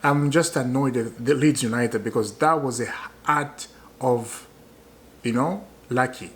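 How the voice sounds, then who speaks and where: A man's voice: medium pitch, measured pace, a little hiss or hum. A man venting as a football fan in a casual vlog, annoyed, hammering points home by repeating them and asking viewers questions. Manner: rhetorical questions to viewers, chuckles often.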